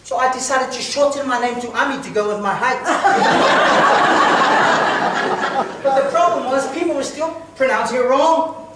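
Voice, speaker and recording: A man giving a humorous contest speech with deadpan comic storytelling in a large hall. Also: very high-pitched, a little fast. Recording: echoey hall from far off, loud noise.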